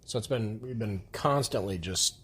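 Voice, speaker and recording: A man's voice: on the low side, moderate pace, fairly bright tone, slightly rough. A man, co-hosting a casual podcast, frank and rambling, with some swearing. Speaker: podcast co-host. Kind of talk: casual couple's podcast chat.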